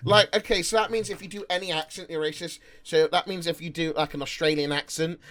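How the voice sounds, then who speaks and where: A man hosting a streamer talk show over a call, rambling and animated with lots of fillers. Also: fairly high pitch, quick pace, crowd noise. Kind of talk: casual group chat on a call.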